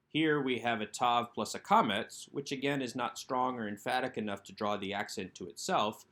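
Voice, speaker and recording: Man teaching slowly over slides. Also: mid-range voice, a bit bright. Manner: slow, careful enunciation of Hebrew words. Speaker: Hebrew teacher. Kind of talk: recorded lesson narration over slides.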